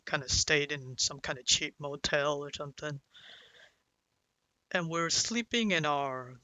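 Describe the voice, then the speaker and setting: A man's voice: fairly high pitch, pushed and bright, no room sound, low-quality recording. A young man telling a personal story in a rambling, profane vlog, full of fillers. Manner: rambling and profane, with many fillers like "like" and "you know". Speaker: vlogger.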